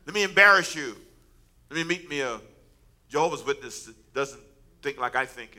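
A pastor preaching a casual, storytelling sermon, joking and conversational with the congregation. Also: male voice, on the high side. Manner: conversational, animated, self-mocking storyteller.

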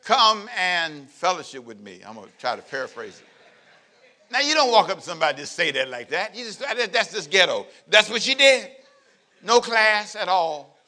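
Bright, forceful, joking preacher man. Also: high voice, sing-song, fairly quick. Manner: playful, joking preacher who acts out scenes; calls out to the congregation. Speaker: pastor. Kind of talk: sermon.

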